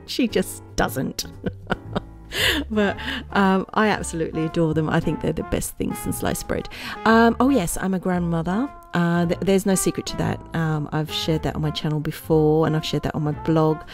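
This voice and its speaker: A woman's voice: lowish voice, darkish tone. A middle-aged woman vlogger chatting casually in a rambling, playful way and laughing often at her own jokes.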